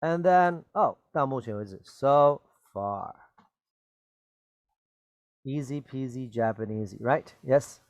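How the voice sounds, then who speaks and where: A man gives an English grammar lesson in a slow, deliberate manner, stressing key words and repeating example sentences. He keeps checking that students follow. His voice sits at a middle pitch and sounds close and dry. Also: expressive, dry recording. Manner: patient and repetitive, checks in with "okay?" and "right?". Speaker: English teacher. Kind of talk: grammar lesson for Chinese-speaking learners.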